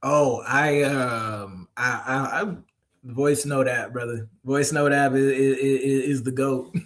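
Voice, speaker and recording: A man's voice: medium pitch, steady tone, takes it slowly. A man, a poet and author, telling stories in a casual interview, laughing often and acting out the voices of the people he quotes.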